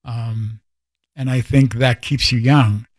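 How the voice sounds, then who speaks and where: Man, psychic guest, chuckling, gently teasing, dry close sound. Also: mid-range voice, fairly even intonation, slow pace, no echo. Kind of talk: casual on-air chat.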